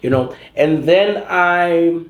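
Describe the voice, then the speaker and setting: A man with a Zulu-accented South African English accent, whose first language is Zulu, talking as a podcast guest in an animated storytelling way, often restarting his sentences and mimicking other people's voices. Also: on the high side, takes it slowly, echoey room. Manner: frequent restarts and fillers. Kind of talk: casual storytelling interview.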